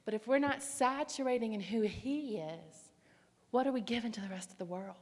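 A woman preaching a sermon, telling a personal story in an animated, emphatic way. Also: on the high side, moderate pace. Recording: echoey hall reverb.

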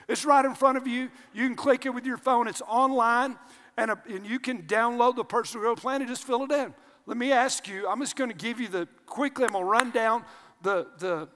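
An older male pastor delivers a lively sermon in a high voice. He swings between loud shouts and hushed asides, and his voice rings out with the long reverb of a large church hall.

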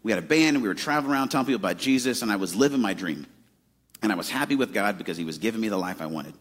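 Husky low-voiced man preaching casually. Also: expressive, rapid-fire. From Arizona. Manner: conversational preaching with many "like" fillers. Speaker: pastor. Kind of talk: sermon.

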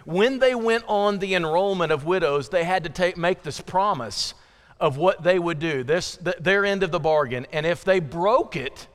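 A man's voice: high-pitched, moderate pace. A man preaching a conversational sermon in a church, with joking asides and frequent restarts. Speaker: pastor. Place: church sanctuary. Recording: long reverb of a large church hall.

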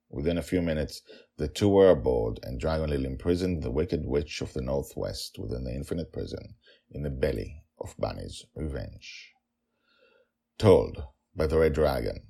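A man hosting and narrating a daily fantasy story podcast in an animated, chatty way with frequent fillers. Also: rumbling low, normal speed, vocal fry.

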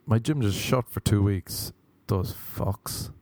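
A man's voice: on the low side, slow pace, dark tone, dry recording. A young man hosting a podcast, rambling through comic stories, swearing freely and acting out the voices in them. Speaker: podcast host. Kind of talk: casual comedic monologue.

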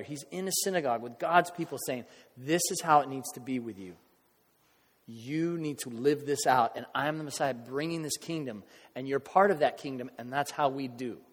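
A middle-aged man preaching a casual, conversational sermon, swinging from hushed asides to loud bursts as he acts out crowd reactions. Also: fairly high pitch, normal speed. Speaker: pastor. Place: church sanctuary. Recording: long hall reverb.

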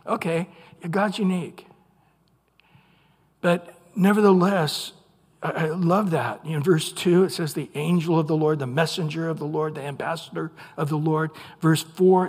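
A man preaching a Bible teaching, animated, acting out quotes in little voices. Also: a little high, husky. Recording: long hall reverb.

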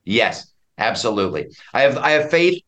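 A man's voice: medium pitch, very animated, moderate pace, fairly bright tone. Emphatic man talking politics as a guest. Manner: emphatic, with frequent restarts. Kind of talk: political talk-radio conversation.

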